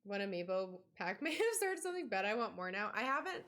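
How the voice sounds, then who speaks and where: A woman's voice: medium pitch, sing-song, fast, fairly bright tone. A young woman streamer chatting casually while she plays a cozy life-sim game, rambling and talking to her chat.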